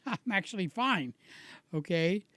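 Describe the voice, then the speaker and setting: A man chatting slowly and casually with live viewers, a little hoarse, greeting people by name and rambling between stories. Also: sits high, animated, a bit bright, dry recording. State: slightly hoarse from shouting. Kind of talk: casual live-stream chat.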